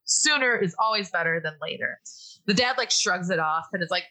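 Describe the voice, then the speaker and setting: A woman with a bright, clear-toned voice recaps a movie for her co-hosts in relaxed conversation. She is chatty, laughs easily and slips into quick impressions of the characters. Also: lowish voice, low-quality recording. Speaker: podcast host recapping a movie. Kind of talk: casual chat.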